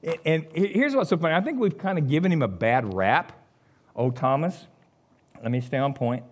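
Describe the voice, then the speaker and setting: A middle-aged man, preaching a sermon as an animated storyteller who chuckles along. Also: fairly high pitch, moderate pace.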